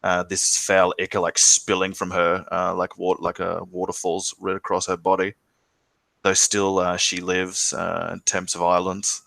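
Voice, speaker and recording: A man's voice: sits low, monotone, a little slow, vocal fry, a bit bright, no echo. A man narrating as game master of a tabletop game, describing scenes with frequent filler words.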